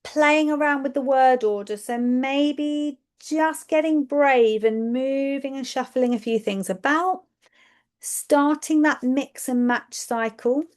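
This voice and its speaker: A speech and language therapist presents a webinar to educators in a high-pitched voice with a darkish tone. She walks through her material step by step, checks in with her audience, and repeats words to stress them.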